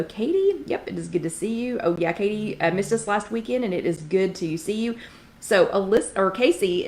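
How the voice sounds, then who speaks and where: A middle-aged woman hosts a live online chat. She talks casually and chattily, greeting viewers by name and filling pauses with ums. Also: mid-range voice. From Knoxville, Tennessee. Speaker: livestream host.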